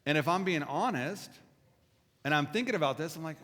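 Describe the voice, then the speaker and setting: A man preaches from a church stage in a conversational way, earnest and quick to poke fun at himself. His voice sits a little high. Every line trails off into the long reverb of the hall. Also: animated, a bit bright. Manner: earnest, self-deprecating, with asides to the congregation. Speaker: pastor. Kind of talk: conversational sermon. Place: church auditorium.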